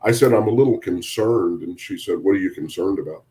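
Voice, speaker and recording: A man, a sheriff's deputy, telling a story on a podcast in a relaxed, amused way, chuckling and acting out the dialogue. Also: low-pitched, a little fast. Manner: amused, chuckles through his story, quotes people in dialogue.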